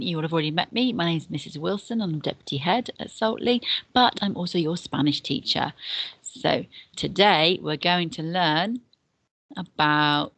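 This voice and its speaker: A woman with a notably low voice talks pupils through a beginner lesson. She explains patiently, repeating and spelling things out step by step. Her voice sounds close and dry, with no room echo. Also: fairly bright tone. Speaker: deputy head and Spanish teacher. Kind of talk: recorded classroom lesson for beginners.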